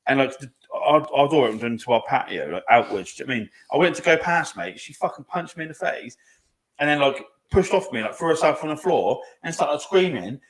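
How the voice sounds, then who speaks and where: Man, thirties, casual podcast chat, emphatic, sweary, very quick pace. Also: mid-range voice, animated. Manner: fast, emphatic, heavy swearing, says "mate" often. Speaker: podcast co-host.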